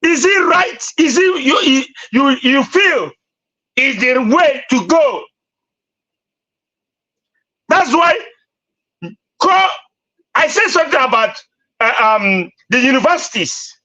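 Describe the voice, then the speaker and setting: A man's voice: extremely high pitch, lively intonation, slow pace, long pauses, sharp tone, lo-fi sound. A man with a Nigerian accent debating on a live stream, ranting insistently and repeating himself. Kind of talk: heated debate.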